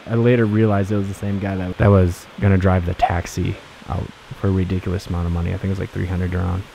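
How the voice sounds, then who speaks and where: A man's voice: low voice, level tone, quick pace, vocal fry, warm tone, a little hiss or hum. A man casually recounting his travels as a vlogger, rambling with fillers and restarts. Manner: rambling, laid-back, many fillers and restarts.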